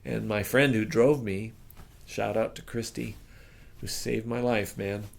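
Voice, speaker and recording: Gravelly-voiced drummer telling a story. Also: male voice, lowish voice, fairly even intonation, unhurried. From United States. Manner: acts out the people in his stories, voice jumping up for quoted lines. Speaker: drummer and interview guest. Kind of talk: animated storytelling in casual chat.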